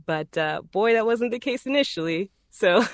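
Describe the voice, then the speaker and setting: A Texan woman with a Texas accent, a voice actor appearing as a guest, chats in a casual, easygoing way. Her mid-range voice is expressive at a normal speed, and the recording is dry with clean studio sound.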